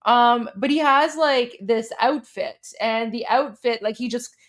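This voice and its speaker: A woman's voice: fairly high pitch, measured pace. Chatty Iranian-born woman hosting a livestream. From Iran. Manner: chatty, many fillers and restarts, explaining a meme. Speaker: host. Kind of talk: casual livestream commentary.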